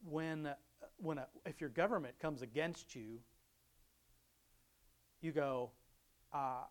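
A man's voice: fairly high pitch, slow pace, long pauses. Rambling man giving a casual devotional talk. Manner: rambling, chuckles often, restarts sentences. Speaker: Christian speaker.

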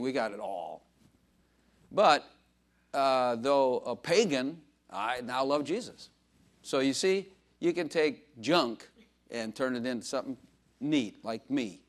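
An older man giving an informal sermon, telling rambling, self-mocking stories full of fillers and asides to a congregation. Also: mid-range voice. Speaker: preacher.

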